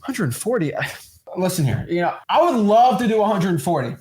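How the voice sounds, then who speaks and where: An energetic man explains in a fast, animated teaching style. His pitch sits on the higher side and jumps around a lot as he acts out little scenes. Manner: energetic, acts out role-play dialogue. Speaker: co-host.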